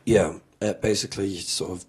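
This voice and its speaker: A man, a comedian, talking in an interview in a rambling, halting way with many fillers. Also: low voice, steady tone, darkish tone, a little hiss or hum. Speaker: comedian guest. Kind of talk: interview chat.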